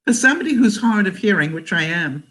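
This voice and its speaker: A woman's voice: medium pitch, expressive, fast talker, a bit bright. An older woman from Canada, vlogging in a casual livestream chat, talking chattily, laughing often and reading viewer comments aloud.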